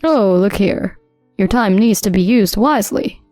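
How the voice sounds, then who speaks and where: A selfish husband, voiced by a woman who speaks calmly and coldly. The voice is mellow and dark, dry and close, with soft music behind it. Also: mid-range voice, a little slow, no room sound, lightly acted. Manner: calm, dismissive. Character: cold selfish young husband.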